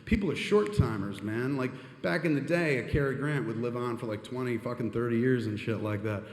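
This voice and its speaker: A middle-aged filmmaker telling comedic stories on stage, profane, rambling and self-deprecating, in a reverberant live hall. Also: male voice, mid-range voice, a little fast. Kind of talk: comedic storytelling monologue.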